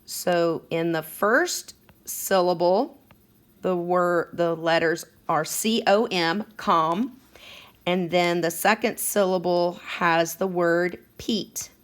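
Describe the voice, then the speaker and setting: A woman's voice: on the low side, slow. A woman teaching a second grade phonics lesson, patient and encouraging as she sounds out words for children.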